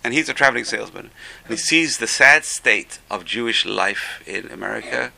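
Man, Torah teacher, gravelly, very bright forceful tone, exclamatory lecture with Hebrew terms. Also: fairly low pitch, lively intonation, moderate pace, low-quality recording. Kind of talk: religious class lecture.

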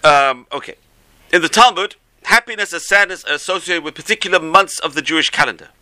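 A man, a rabbi, giving an animated Torah class, telling stories and mixing in Hebrew phrases. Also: on the high side, brisk.

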